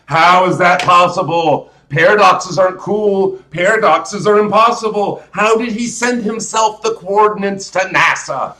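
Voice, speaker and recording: A man's voice: sits high, measured pace, few pauses, bright, forceful tone, roomy sound. A man hosting a live show, rambling through a casual movie rant with emphatic restarts and rhetorical questions. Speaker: host.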